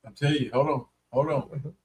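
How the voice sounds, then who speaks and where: A man's voice: mid-range voice, steady tone, brisk, heavy background noise. Southern man, North Carolina drawl, chatty co-host, folksy and teasing on a live stream. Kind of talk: casual live stream chat.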